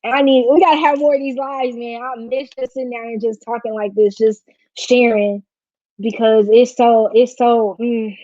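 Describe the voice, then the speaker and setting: A woman with a slightly high, steady, dark-toned voice talks at normal speed while hosting a casual livestream. Close to tears, she's heartfelt and slangy, and the recording is dry, slightly dull lo-fi stream audio.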